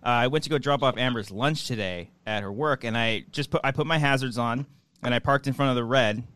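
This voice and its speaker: A young man hosting a casual podcast chat, laughing often and telling stories with quick put-on voices. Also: mid-range voice, fairly bright tone, smooth, no echo. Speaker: podcast host.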